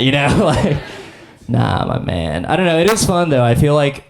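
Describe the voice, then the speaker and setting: A man's voice: fairly high pitch, sing-song, normal speed, vocal fry. A young man doing a stand-up comedy set on stage, rambling in a laid-back way with lots of "like" and "I don't know". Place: comedy stage before a live audience.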